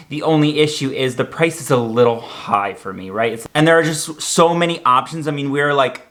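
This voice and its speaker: A man's voice: mid-range voice, fairly bright tone. A young man casually reviewing makeup in a chatty, campy vlog with joking asides.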